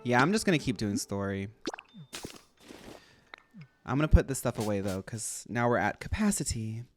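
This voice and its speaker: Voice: medium pitch, big pitch swings, normal speed, over music. A streamer chatting casually while playing a game, rambling and playful, jumping from topic to topic. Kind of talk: casual gameplay stream chat.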